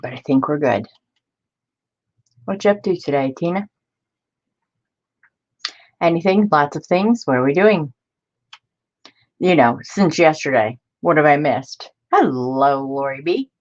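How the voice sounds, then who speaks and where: A woman's voice: sits low, expressive, measured pace, pauses often, a little mellow, highs cut off. A woman hosting a casual live stream, chatty and laughing often as she greets viewers by name. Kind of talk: casual live-stream chat while crafting.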